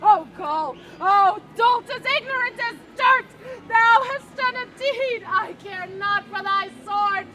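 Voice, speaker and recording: A woman's voice: extremely high pitch, takes it slowly, few pauses. A teenage girl playing Emilia, a loyal and outraged maidservant, crying out and scolding in Shakespeare verse. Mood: scornful. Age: teens. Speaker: student actor. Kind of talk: outdoor Shakespeare performance. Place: outdoor park stage. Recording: noisy outdoor park performance with crowd.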